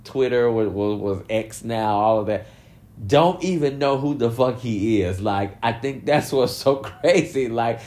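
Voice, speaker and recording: A man's voice: medium pitch, unhurried. A man giving casual commentary, swearing freely and breaking into laughter often as he talks. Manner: laughs often, profane, animated. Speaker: commentary vlogger.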